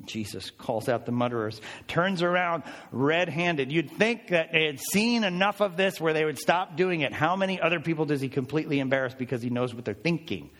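A man preaching a sermon, explaining a passage with animated, emphatic rhetorical questions. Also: fairly high pitch, fairly quick, hardly any pauses. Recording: reverberant hall.

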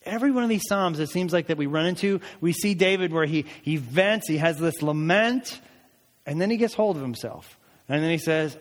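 A man's voice: fairly high pitch, animated, moderate pace. A male pastor preaching a sermon, rising into emphatic calls during prayer passages. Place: church sanctuary. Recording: long church hall reverb.

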